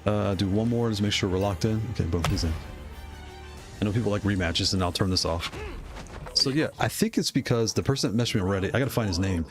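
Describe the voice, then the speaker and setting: A man streaming a fighting game live, commenting on his matches with excitable outbursts and playful trash-talk aimed at his opponent. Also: fairly low pitch, quick pace. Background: loud music.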